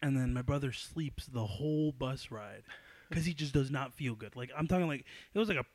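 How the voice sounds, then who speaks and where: A young man hosting a casual podcast chat, excitable and swearing often, breaking into loud laughter. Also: mid-range voice, a little fast, no echo. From New York. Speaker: podcast host.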